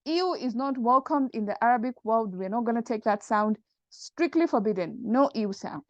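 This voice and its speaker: A woman's voice: a little high, expressive, moderate pace, no room sound, close to an everyday voice. A woman voicing a group of weary ancient desert men as they settle things in a matter-of-fact way. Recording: dull dry lo-fi recording.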